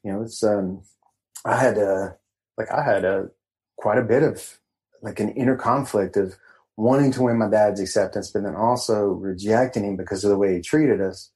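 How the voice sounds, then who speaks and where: Low-voiced laid-back man, halting. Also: a little mellow, rough recording. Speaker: guest, men's empowerment coach. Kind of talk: casual podcast interview.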